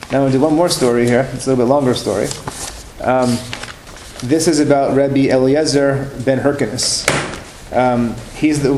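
Man, religious teacher telling stories to a class, mid-pitched voice, roomy room with faint hiss behind. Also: darkish tone. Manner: conversational, repeats and restarts phrases.

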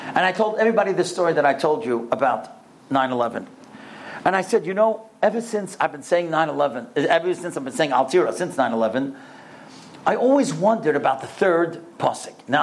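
Man, storytelling sermon, animated, fairly high voice. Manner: animated storyteller, rising high on quoted verses. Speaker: speaker giving a Torah talk.

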